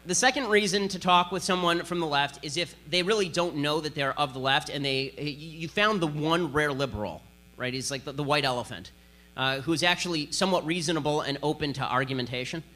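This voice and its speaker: A man makes his case in a political speech, sarcastic and hard-hitting. His voice is bright and forceful, sitting slightly above the usual male pitch. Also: brisk. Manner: combative, sarcastic, emphatic. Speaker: conservative speaker.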